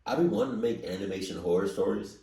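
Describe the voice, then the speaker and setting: A man's voice: fairly low pitch, fast talker, vocal fry, mellow, roomy sound. Slangy man talking far from mic. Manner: loose, slangy talk. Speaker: reaction video host. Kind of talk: casual chat.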